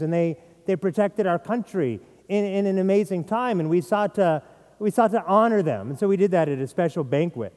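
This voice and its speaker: A man's voice: high voice, dark tone, long reverb tail. A middle-aged man preaching a sermon as pastor, earnest, sometimes repeating words as he stresses a point.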